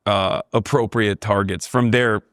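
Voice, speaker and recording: Guy from turkey on a podcast, low smooth voice, dry sound, thinking it through. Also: fairly even intonation, fairly bright tone, no echo. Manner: measured, thoughtful. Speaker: podcast guest. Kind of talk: casual conversation.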